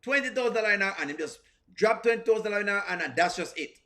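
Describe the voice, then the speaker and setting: Bright, high-voiced man with a strong accent, lively stream host reacting to skits and reading chat. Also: rapid-fire. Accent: strong non-standard English accent. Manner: animated, repeats himself, greets chat. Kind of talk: live-stream reaction commentary.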